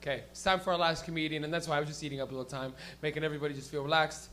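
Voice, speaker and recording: A man's voice: on the high side, level tone, rapid-fire, fairly bright tone, slight background noise. A young man hosting a stand-up comedy show, rambling and giggling through stoned banter with a live crowd. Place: small comedy stage with live audience.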